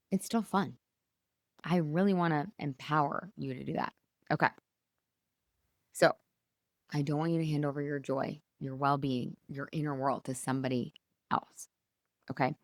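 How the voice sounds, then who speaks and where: A woman's voice: sits low, no echo. Upbeat woman host, dry close sound. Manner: enthusiastic, chatty, direct to listeners. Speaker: podcast host and coach. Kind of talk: solo motivational podcast talk.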